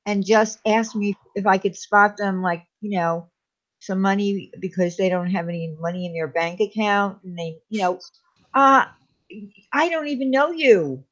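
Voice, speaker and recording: A woman's voice: medium pitch, moderate pace, muffled recording. A woman joining a casual online panel as a guest, talking hesitantly with lots of fillers. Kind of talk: casual group chat.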